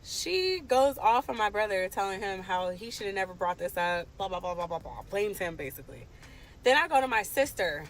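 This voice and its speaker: A woman's voice: mid-range voice, expressive, brisk, few pauses, slight background noise, low-quality recording. A woman in her late twenties from the Washington DC area, telling a personal story to camera in an emphatic, impassioned way. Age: late 20s.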